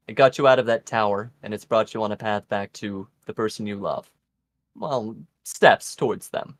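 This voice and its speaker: A man playing a tabletop role-playing game, speaking gently and reassuringly. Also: fairly low pitch. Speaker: player. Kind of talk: tabletop role-play chat.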